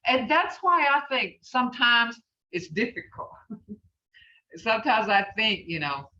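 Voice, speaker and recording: A woman's voice: a little high, sing-song, bright, forceful tone, distant mic. Woman teaching in an echoey room. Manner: patient, repeats phrases slowly. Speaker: language teacher. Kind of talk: classroom teaching. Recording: muffled, roomy, from off mic.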